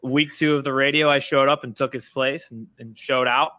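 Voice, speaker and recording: A man's voice: medium pitch, steady tone, normal speed, bright, forceful tone, dry recording. A man in casual podcast banter, boasting playfully. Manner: cocky, boastful.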